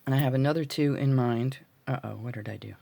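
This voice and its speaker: A man with a gravelly voice hosting a casual beading tutorial, chatty and muttering to himself as he works, recorded on a phone. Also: medium pitch, fast talker, dark tone, no room sound. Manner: chatty, mutters to self while working. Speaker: jewelry tutorial host.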